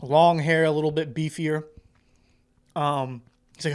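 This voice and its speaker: Animated, laughing young male storyteller. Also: on the high side, a little fast, pauses often, clear, resonant tone. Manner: animated, laughs often, reenacts dialogue. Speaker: podcast co-host, grappling coach. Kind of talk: casual storytelling chat.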